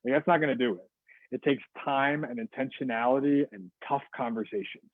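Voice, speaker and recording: A man's voice: medium pitch, brisk, dry recording. A man giving a customer service talk over a video call, casual and rambling with fillers and restarts. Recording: dry, phone-like video call audio.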